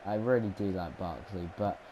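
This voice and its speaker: A young man with a somewhat low voice talks casually over his football game replay. He rambles from point to point, full of ums and restarts. Steady background noise sits under his voice. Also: normal speed, low-quality recording. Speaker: gaming commentator. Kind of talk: casual gameplay commentary.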